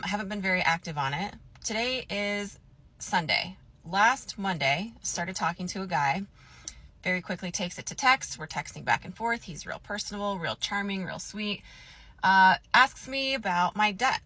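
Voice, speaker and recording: A young woman casually telling a story to camera, chatty and animated, saying "like" often. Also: mid-range voice. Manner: chatty, animated, says "like" a lot.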